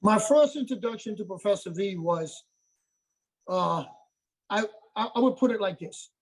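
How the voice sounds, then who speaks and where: A middle-aged man with a husky, slightly breathy voice speaks as a martial arts master in a casual interview. He drives his points home with repetition and keeps asking "okay?" to check that he is followed. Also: high-pitched, animated, moderate pace, rough recording.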